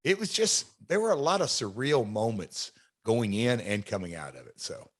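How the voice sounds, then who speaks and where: A middle-aged man, a wrestler hosting a podcast, telling a story in a reflective, halting way. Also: mid-range voice, big pitch swings. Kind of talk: casual podcast chat.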